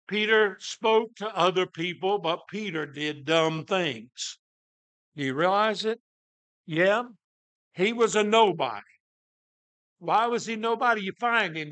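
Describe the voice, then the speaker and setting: A preacher man tells a sermon story in a high, bright voice at an unhurried pace. He swings from ringing loud passages to hushed, near-quiet ones for drama. The sound is dry and close. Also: dry recording.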